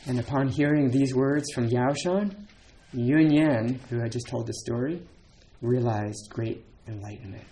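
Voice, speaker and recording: A man's voice: mid-range voice, a little slow, hardly any pauses, dark tone, slight background noise. A man giving a dharma talk as a Zen teacher, casual and chatty, with many fillers and laughs between points.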